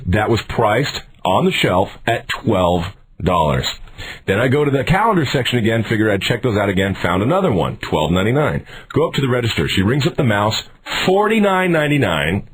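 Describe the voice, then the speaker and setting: A young man co-hosting a radio show, telling a story and getting worked up until he shouts in outrage. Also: lowish voice, husky, poor audio. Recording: radio studio broadcast.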